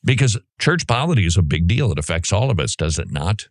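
A man's voice: low-pitched, very animated, fairly quick, dry recording, studio quality. A man hosting a Christian radio show, talking casually and rambling, with asides to his co-host and appeals to listeners.

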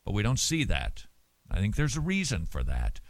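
A man hosting a show, answering listener mail in casual talk, animated and emphatic with many restarts and repeated words. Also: lowish voice, moderate pace, no echo. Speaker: radio show host.

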